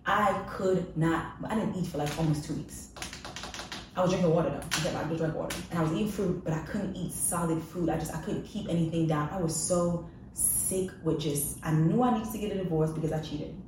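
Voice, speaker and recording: Low-voiced woman telling her story frankly. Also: a little fast, distant mic, noisy background. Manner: frank and confessional, emphatic repetition. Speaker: podcast guest. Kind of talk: candid personal storytelling. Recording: echoey room, voice off-mic.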